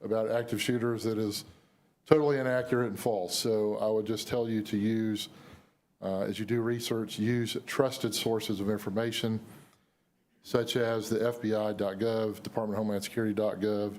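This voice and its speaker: A man, an emergency manager, giving a measured briefing at a city news conference, his voice going hoarse, with frequent "uh" and "um" fillers. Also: on the low side, level tone, a little mellow. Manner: measured, filler-heavy official delivery. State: losing his voice.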